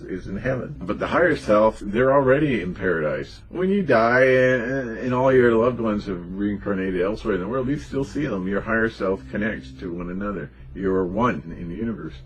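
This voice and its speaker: A man delivering a rambling, emphatic, unscripted monologue in a conspiratorial tone as a spiritual channel host. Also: lowish voice.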